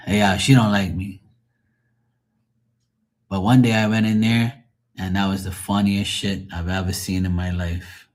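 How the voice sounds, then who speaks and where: Casting note: lower-voiced man hosting a live tarot stream, foul-mouthed and mocking, rambling rant. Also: little pitch movement, unhurried, pauses often. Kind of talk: ranting live stream chat.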